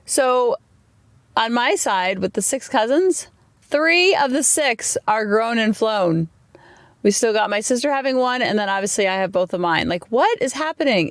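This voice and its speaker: A woman's voice: mid-range voice, no echo. A woman in her forties hosting a solo podcast, telling candid stories about her family life in a chatty, open way. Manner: chatty, candid, animated storytelling. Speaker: podcast host. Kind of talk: casual solo podcast monologue.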